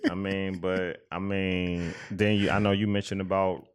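A man's voice: low-pitched, flat delivery, a little slow, clean tone. A man co-hosting a podcast, talking earnestly and reflectively in a casual chat, with many restarts. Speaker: podcast co-host.

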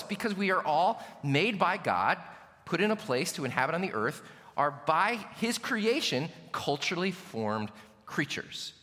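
Animated American man preaching, echoing hall. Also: fairly high pitch, fairly quick. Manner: earnest, emphatic preaching with rhetorical questions. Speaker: pastor. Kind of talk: sermon. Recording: long hall reverb.

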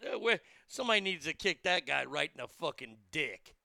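Bright, creaky-voiced male radio DJ. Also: on the high side, big pitch swings, fairly quick, no echo, clean studio sound. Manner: sarcastic, crude, rambling rants. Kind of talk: profane talk radio commentary.

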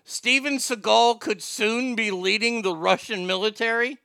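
An excitable man hosting a podcast with a high, bright voice and a gravelly edge. He banters casually, swears freely and trips over names while reading the news. The sound is close and dry. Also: measured pace, no room sound. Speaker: podcast host.

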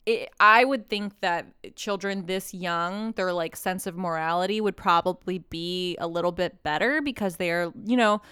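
A woman's voice: lowish voice, normal speed, few pauses, sharp tone, smooth, no echo, clean studio sound. A young woman co-hosting a podcast, chatting casually and bluntly, with casual swearing. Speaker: podcast co-host. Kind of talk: casual chat.

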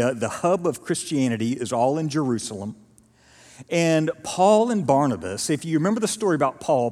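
A male pastor preaching a sermon, telling the story with animated delivery and acting out quotes. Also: medium pitch. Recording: reverberant church hall.

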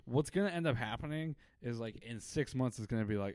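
A man's voice: mid-range voice, expressive, a little fast, a little mellow, no echo, studio quality. A man co-hosting a podcast, telling stories animatedly in casual chat, swearing and laughing. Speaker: podcast co-host.

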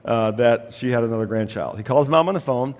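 A man preaching from the pulpit in a large hall, and his voice trails off into a long reverb. He has a middling pitch and tells stories with gentle humor. A slight cough comes and goes. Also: fast. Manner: storytelling with humor, acting out voices in a family anecdote. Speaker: pastor. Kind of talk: sermon.

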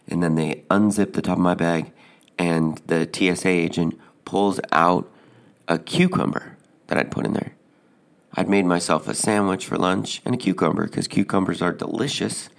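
Deep, gravelly man with a flat, deadpan delivery, telling a personal story with plenty of ums. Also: normal speed. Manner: deadpan, hesitant with fillers.

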